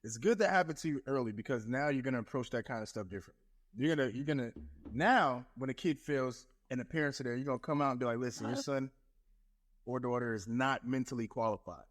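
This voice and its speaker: A man's voice: mid-range voice, fast talker. Blunt, matter-of-fact male podcast guest. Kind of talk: casual chat, giving advice.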